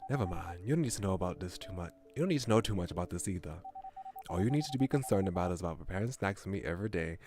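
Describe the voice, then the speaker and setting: A man's voice: deep voice, expressive, racing, noisy background, voice pushed down. A man voicing a haughty male dog god who talks down to everyone, reading visual novel lines. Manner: lordly, dismissive, bossy.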